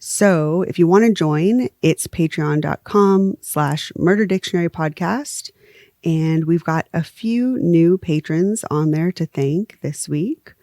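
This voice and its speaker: Woman podcast co-host, low-pitched, casual and giggly, dry studio sound. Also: no room sound. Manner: laughs often, relaxed and chatty. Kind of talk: casual chat.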